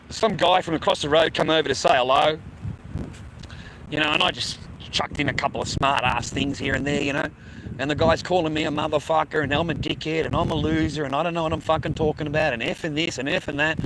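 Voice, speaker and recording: A man's voice: fairly high pitch, a bit bright, a little hiss or hum, poor audio. A middle-aged Australian man vlogging in a profane, rambling, blokey way and laughing often. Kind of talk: casual rambling monologue.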